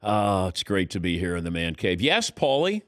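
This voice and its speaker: A man's voice: low voice, level tone, moderate pace, smooth, no room sound, studio quality. A man hosting a radio show, bantering in a casual, teasing way and laughing often.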